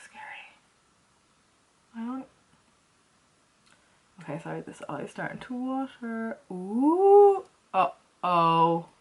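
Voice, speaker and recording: A woman chatting casually as she walks through a makeup tutorial, playful and talking to herself as she works. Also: lowish voice. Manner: chatty, playful, talks to herself while working. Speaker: makeup vlogger.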